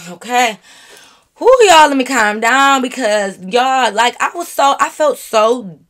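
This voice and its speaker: A woman vlogger telling a story straight to her viewers in an animated, profane, casual way. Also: on the high side, takes it slowly, long pauses.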